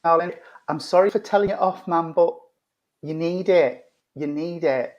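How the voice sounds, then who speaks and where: A man's voice: a little high, moderate pace. Man medium on a muffled call. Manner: repeats phrases, calls the listener darling. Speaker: spiritualist medium. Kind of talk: relaying spirit messages in an online service.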